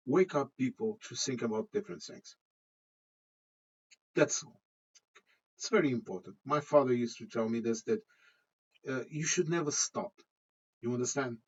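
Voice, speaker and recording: A man's voice: medium pitch, darkish tone. Rambling man ranting on lo-fi audio. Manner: rambling, with frequent restarts and chuckles. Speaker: channel host. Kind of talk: casual opinion rant to camera.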